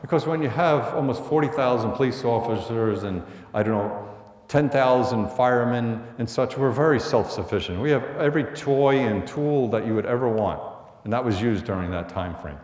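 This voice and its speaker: A man's voice: medium pitch, normal speed, darkish tone. A middle-aged man from the Bronx with a New York accent, telling a blunt, conversational story to students as a police lieutenant and acting out the orders he gave. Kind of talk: storytelling talk to an audience. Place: school hall. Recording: echoey hall, from a distance.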